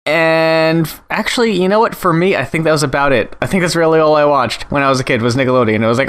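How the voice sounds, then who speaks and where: Blunt, profane young podcast host. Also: male voice, a little high, quick pace, hardly any pauses, fairly bright tone, clear, resonant tone. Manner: blunt and profane, acts out quoted reactions. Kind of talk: casual chat.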